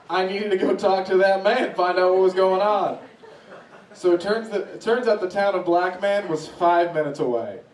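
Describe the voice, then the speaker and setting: Man comic, higher voice, storytelling bits, heard from a distance in a roomy venue. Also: noisy background. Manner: animated, voices swing high when acting out reactions. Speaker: stand-up comedian. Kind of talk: stand-up storytelling. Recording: echoey room from a distance.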